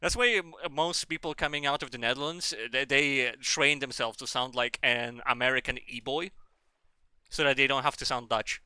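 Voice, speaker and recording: A man's voice: medium pitch, fairly even intonation, moderate pace, pushed and bright, clear, resonant tone, no echo. A man streaming a game and chatting casually in a rambling, sweary, joking way. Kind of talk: casual chat while gaming.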